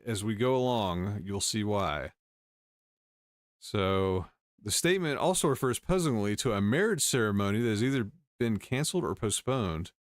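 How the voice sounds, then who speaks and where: A man's voice: fairly low pitch, lively intonation, moderate pace, dry recording, clean studio sound. A male host casually reading and commenting on news stories, wry, with chuckling asides.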